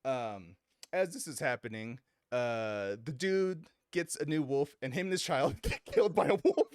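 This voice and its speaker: A man's voice: medium pitch, expressive, normal speed, smooth, dry recording. A man hosting a podcast, casually and animatedly retelling a video game story, laughing often and swearing casually. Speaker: podcast host.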